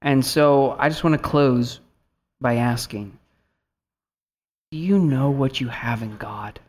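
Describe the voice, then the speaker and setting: A man's voice: medium pitch, slow pace, a little mellow. A man in his thirties, a pastor preaching an earnest sermon and telling a family story, rising at times to fervent appeals.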